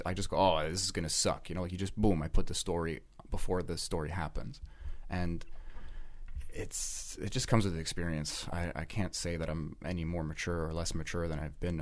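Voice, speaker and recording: A man's voice: low voice, darkish tone. A man talking as a podcast guest in a casual chat, loose and full of fillers, swearing often. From Canada. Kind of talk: casual conversation.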